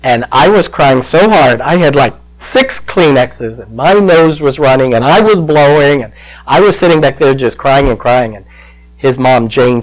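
An older male pastor telling a personal story in a sermon, slow and emotional, choking up at times. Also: mid-range voice, animated, poor audio.

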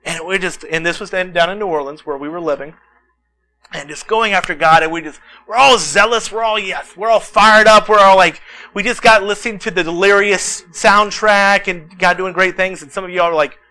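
A man delivering a sermon from the pulpit, his voice high and ringing. He tells lively personal stories, animated and acting out the voices of the people in them. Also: a little fast, poor audio. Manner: animated storytelling, acts out quotes. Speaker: pastor.

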